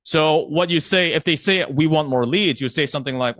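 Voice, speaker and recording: A man's voice: a little high, moderate pace, a bit bright, dry recording, studio quality. A man teaching a live online sales training in a conversational way, often acting out a prospect's replies and checking in with his audience. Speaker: sales coach.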